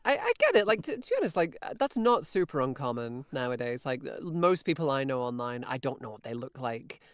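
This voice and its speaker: A woman's voice: rumbling low, big pitch swings, fairly quick, no echo, clean studio sound. A woman guest in a casual podcast chat, talking with lots of fillers and restarts and laughing easily.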